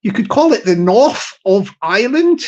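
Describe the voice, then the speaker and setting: A man's voice: high voice, sing-song, normal speed, darkish tone, dull audio. A man from Southwest England, chatting casually on a livestream in a rambling, jokey way that keeps circling back on itself. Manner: rambling, jokey, repeats himself.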